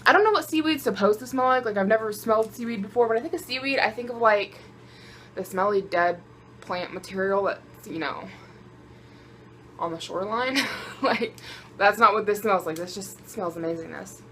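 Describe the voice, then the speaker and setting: A woman's voice: mid-range voice, moderate pace. Twenties woman, casual vlogger, talks to her phone camera, bubbly and giggly, faint hiss behind. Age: 20s. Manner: chatty and easily excited, laughs often. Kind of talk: casual vlog chat to camera.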